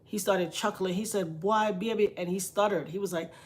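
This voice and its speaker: A woman's voice: mid-range voice, steady tone, normal speed. A middle-aged woman telling a personal story in a heartfelt, conversational way, often repeating lines for emphasis. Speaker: interviewee.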